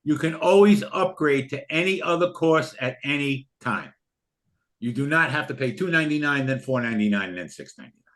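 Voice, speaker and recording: A man's voice: mid-range voice, lively intonation, a little fast, fairly bright tone. A man selling a trading course on a live stream, earnest and openly emotional, often repeating himself. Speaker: trading educator. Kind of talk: live sales pitch for a course.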